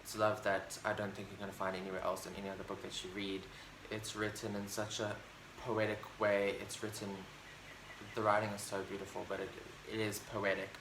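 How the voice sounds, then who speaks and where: A man with a lowish voice talks through his favorite books in a loose, enthusiastic vlog chat, stumbling and restarting as he goes. The room around him rings with echo, and a faint hiss sits underneath. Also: monotone, fairly quick. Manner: rambling, enthusiastic, full of fillers and restarts. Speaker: book vlogger. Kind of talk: casual book review chat. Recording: roomy echo, faint background noise.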